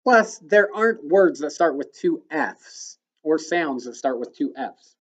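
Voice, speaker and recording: A male elementary school teacher giving a recorded phonics lesson to children, patiently explaining step by step and sounding words out slowly. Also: on the high side, lively intonation, lo-fi sound.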